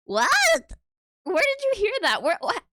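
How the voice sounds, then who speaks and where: High-voiced giggly woman streamer. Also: big pitch swings, unhurried, a bit bright, dry recording, clean studio sound. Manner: playful, giggly, chatting to viewers. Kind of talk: casual livestream chat. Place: home room.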